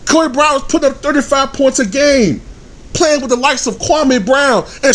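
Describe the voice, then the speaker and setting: A man in his thirties delivering a heated, profanity-laden rant as a vlogger, swinging from low grumbling to shouted outbursts. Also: moderate pace. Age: 30s. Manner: angry, swearing, shouting bursts. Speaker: sports vlogger.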